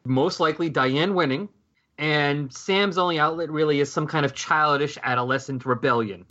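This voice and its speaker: A man co-hosting a casual chat about a sitcom, animated and acting out characters' lines. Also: a little high, moderate pace. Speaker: podcast co-host. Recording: dull lo-fi sound.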